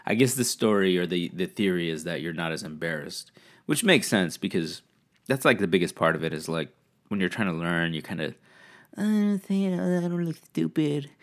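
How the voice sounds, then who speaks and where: A man's voice: sits low, brisk. A man hosting a casual monologue, rambling in a laid-back, profane way.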